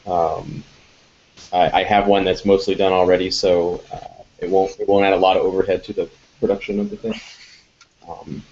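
A game designer in a casual live Q&A, answering audience questions with many ums and restarts. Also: male voice, low voice, flat delivery, moderate pace, a little mellow, muffled recording.

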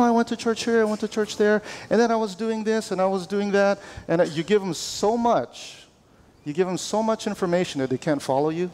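A man preaching a sermon as pastor, animated and conversational, calling on the congregation to answer back. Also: fairly high pitch, big-room sound. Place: church sanctuary.

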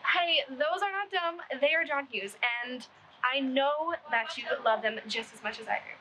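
Teen actress for a nervous earnest schoolgirl, slightly high, hesitant, noisy location sound. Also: moderate pace, close to an everyday voice. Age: teens. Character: shy nervous teen girl, about to start high school.

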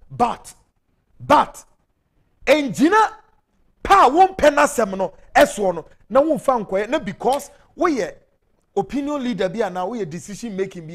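Ghanaian guy on his talk show going off about politics, high voice swinging all over, mixing twi and english. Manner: fiery, ranting, switching between Twi and English. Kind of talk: impassioned political commentary.

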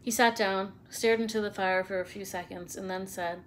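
A woman reads a children's novel aloud in a steady, expressive manner. Her voice sits in a middle register. A faint noise hums underneath. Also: medium pitch, normal speed, hardly any pauses. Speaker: storyteller.

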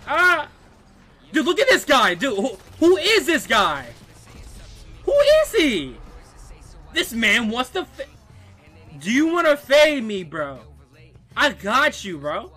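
A young man streaming a game live, taunting rivals and hyping his chat. His voice sits high and swings widely, with a bright, forceful tone. Faint game music plays underneath. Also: breathy edge. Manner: excitable trash talk, constant "bro" and "dude". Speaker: gaming streamer. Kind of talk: live gameplay commentary.

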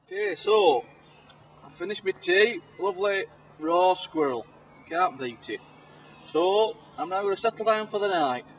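A man's voice: sits high, expressive, measured pace, breathy edge, full character voice, rough recording. An actor playing a blustering, hapless male jungle survival expert, explaining steps in a mock-instructive way and swearing when things fail. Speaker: survival specialist in a comedy sketch. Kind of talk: mock survival-show presentation.

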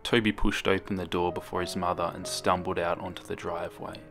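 A man reading a horror story as scripted narration, steady and measured. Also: low-pitched, vocal fry. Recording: narration over loud music.

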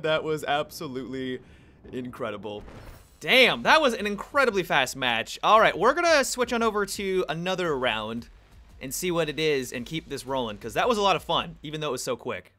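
A young man giving casual, joking commentary over his own gameplay, excitable and laughing, with sudden high squeals of surprise. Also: moderate pace.

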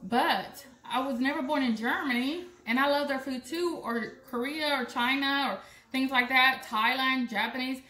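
A woman's voice: high voice, moderate pace, few pauses, pushed and bright, echoey room. A young woman from Puerto Rico, chatting and joking with viewers while she chops vegetables in her home kitchen. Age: young adult. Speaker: cooking vlogger. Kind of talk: casual cooking demo.

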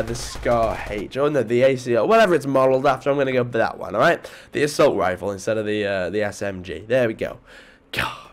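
A man with a stuffy nose from a cold, giving excitable live commentary over his gameplay, muttering one moment and yelping the next. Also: medium pitch. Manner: excitable, jumps between mutters and yelps. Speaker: gaming video creator.

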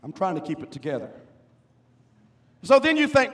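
A man preaching a sermon as pastor in a church, swinging between quiet asides and loud, emphatic outbursts. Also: high-pitched, wildly swooping pitch, normal speed. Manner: preaching with rising, shouted emphasis. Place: church sanctuary.

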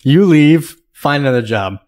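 A man's voice: fairly high pitch, animated, moderate pace, darkish tone. A man co-hosting a casual podcast, often chiming in with teasing remarks. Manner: teasing interjections. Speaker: podcast co-host. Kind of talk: casual chat.

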